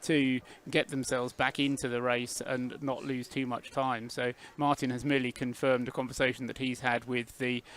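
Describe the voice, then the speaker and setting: A man giving live race commentary in a measured, hesitant way with many fillers. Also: medium pitch, level tone, a bit bright.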